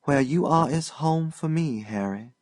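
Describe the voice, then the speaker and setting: A man voicing a playful, wistful young Southern woman in an audiobook reading, in a raised soft girlish pitch. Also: expressive, a little slow.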